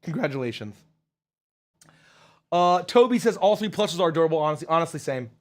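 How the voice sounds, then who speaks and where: Male stream host with a high voice, casual and profane, joking through viewer messages. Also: expressive, fairly quick.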